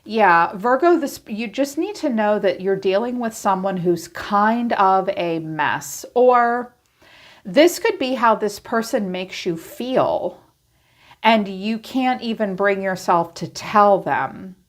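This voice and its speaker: A woman's voice: mid-range voice, lively intonation, slow pace. Chatty, blunt woman reading tarot. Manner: chatty, blunt, swears freely, acts out quoted thoughts. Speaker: tarot reader. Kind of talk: casual tarot reading monologue.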